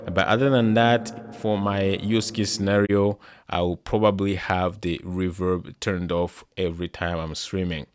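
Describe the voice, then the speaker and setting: A low-voiced man walks through a gadget in a relaxed, chatty way, full of "you know" and "uh". The sound is dry and close. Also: measured pace, few pauses, smooth, no echo. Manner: casual, filler-heavy explaining. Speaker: tech reviewer. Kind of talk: casual product review.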